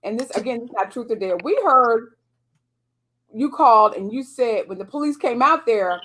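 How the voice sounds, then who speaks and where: A woman's voice: on the high side, animated, normal speed, bright, forceful tone, slight background noise, low-quality recording. A woman co-hosting a casual chat, teasing and questioning her co-host's story. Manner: teasing, skeptical interjections. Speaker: podcast co-host.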